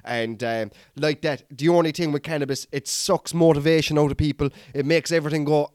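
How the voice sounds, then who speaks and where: A man's voice: on the high side, fairly quick, hardly any pauses, smooth, no echo, studio quality. Rambling Irish man telling a story. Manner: rambling, sweary, keeps addressing listeners as lads. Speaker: comedian podcast host. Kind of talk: casual storytelling monologue.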